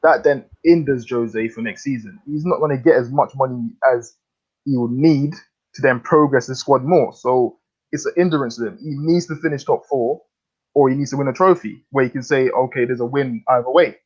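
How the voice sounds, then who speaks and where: A man's voice: medium pitch, normal speed, breathy edge, dull audio. A man insisting on his point in a football fan discussion, heard over an online call. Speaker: fan panelist.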